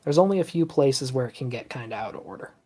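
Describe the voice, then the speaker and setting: A man hosting a live stream in a laid-back conversational way. He walks through explanations at an easy pace in a mid-pitched voice, often pausing to find his words. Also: husky. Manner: relaxed, explanatory, sighs and laughs at the clip. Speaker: stream host. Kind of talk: casual reaction-stream chat.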